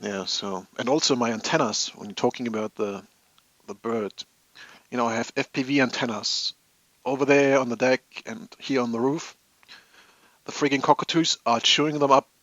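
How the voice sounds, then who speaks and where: Speaking at normal speed in a bit-bright, mid-range voice, a man chats casually with viewers on a live hobby stream from his home office. He rambles and laughs at his own stories. The audio has no room sound and the highs are cut off.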